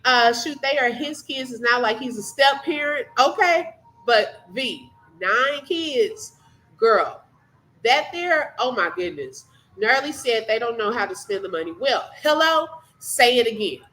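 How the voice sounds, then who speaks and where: A woman's voice: on the high side, animated, a little slow, sharp tone, low-quality recording. A woman hosting a live reaction stream, chatting casually and thanking viewers by name. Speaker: livestream host.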